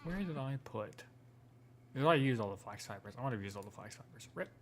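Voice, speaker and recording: A man's voice: mid-range voice, lively intonation, fairly quick, a little hiss or hum. A man hosting a game stream in casual chat, easygoing and muttering to himself as he plays. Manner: easygoing, mutters while playing. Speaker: streamer, host. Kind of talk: casual chat while gaming.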